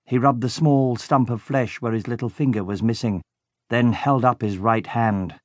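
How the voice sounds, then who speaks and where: A man narrating a children's audiobook in a lively, expressive way. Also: medium pitch, moderate pace, no echo, clean studio sound.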